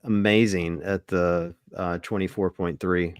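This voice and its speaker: Low-voiced man telling rambling stories. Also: measured pace, clean tone, dry recording, studio quality. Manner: rambling, relaxed storytelling with many fillers. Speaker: podcast co-host. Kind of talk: casual podcast chat.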